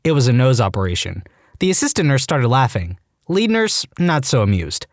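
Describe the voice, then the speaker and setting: Lively male Reddit story narrator. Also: normal speed, no room sound, clean studio sound. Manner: animated reading that jumps into high-pitched acted quotes. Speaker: podcast narrator. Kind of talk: reading Reddit stories aloud.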